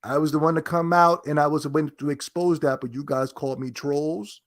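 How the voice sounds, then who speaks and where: A man's voice: fairly high pitch, steady tone, a little fast. A man giving a ranting gaming commentary, indignant and sarcastic in a mocking way.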